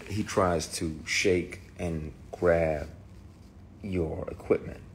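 Deep-voiced man telling a raw story. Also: fairly even intonation, drawn-out words, slight background noise. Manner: emphatic, raw and swearing, with restarts. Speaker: actor. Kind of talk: candid personal testimony.

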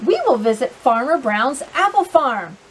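A woman voicing a calm, pleasant female teacher leading a class field trip in a children's picture book. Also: high voice, measured pace, slight background noise.

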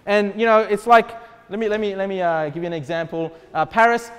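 A man's voice: high-pitched, animated, fairly quick. A man preaching a sermon in a church, talking conversationally and asking the congregation many questions. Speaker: pastor. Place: church sanctuary. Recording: long church hall reverb.

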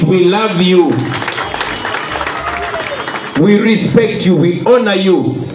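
A man's voice: high voice, a little mellow. A man with a Ugandan accent giving an emphatic political speech to supporters, repeating his key phrases. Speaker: party leader addressing supporters. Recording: echoey room, dull lo-fi sound, faint noise.

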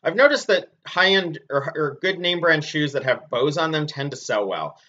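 Guy reseller chatting about stuff he sold, bright tense voice, lots of ums, kinda muffled lo-fi audio. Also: on the high side, moderate pace. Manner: chatty and relaxed, with frequent ums and uhs. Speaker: clothing reseller. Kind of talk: casual product review vlog. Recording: dull lo-fi sound.

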